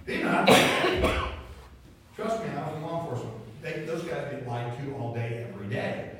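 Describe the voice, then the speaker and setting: Folksy preacher in an echoey hall. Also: male voice, medium pitch, animated, normal speed, background noise. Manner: folksy storytelling with rising emphasis. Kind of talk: sermon. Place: church sanctuary. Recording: echoey church hall from a distance.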